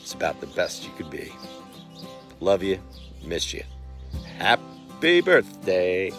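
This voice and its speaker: Low-voiced man, halting and reflective. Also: fairly even intonation, vocal fry, music in the background. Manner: halting, many fillers, reflective. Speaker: friend sending a birthday message. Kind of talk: casual video greeting.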